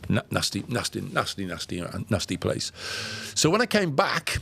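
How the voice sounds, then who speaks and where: A man telling a personal travel story on a podcast in an earnest, reflective way, halting often with fillers and repeated words. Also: lowish voice, big pitch swings, creaky, pushed and bright, breathy edge. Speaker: podcast guest recounting travels. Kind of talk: conversational storytelling.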